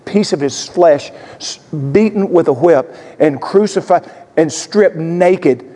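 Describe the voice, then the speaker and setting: A male pastor delivers a sermon in a voice pitched high for a man. He tells the story dramatically, swinging from quiet, intimate moments to louder emphasis. His words trail off into a long reverb, as in a large hall. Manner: dramatic storytelling, swinging between loud and hushed.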